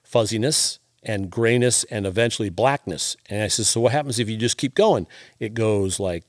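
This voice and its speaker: A man's voice: fairly low pitch, brisk. A man co-hosting a casual talk show, explaining in detail and telling a story. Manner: explains things in detail, lots of short agreeing replies. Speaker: co-host.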